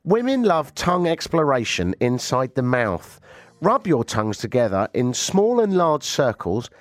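A man's voice: mid-range voice, big pitch swings, unhurried, no echo. A man hosting a talk radio show, with a stuffy nose from a cold. He tells stories with sarcasm and animation. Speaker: radio host. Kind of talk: casual talk radio banter.

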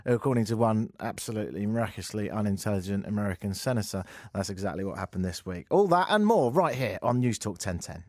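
A middle-aged radio host in casual talk, dry and self-mocking, with a rambling delivery. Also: male voice, fairly low pitch, lively intonation, fast talker, hardly any pauses, darkish tone. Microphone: studio mic.

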